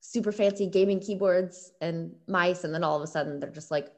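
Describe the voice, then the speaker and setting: A woman's voice: fairly low pitch, a little fast, hardly any pauses. A woman chatting casually as a podcast guest, rambling with many fillers like "like" and "um". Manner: chatty, lots of likes and ums. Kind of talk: casual chat.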